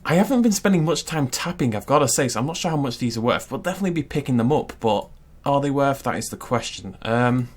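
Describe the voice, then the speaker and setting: A man hosting a gaming channel, giving chatty, excitable let's-play commentary and laughing often. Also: medium pitch, quick pace, hardly any pauses.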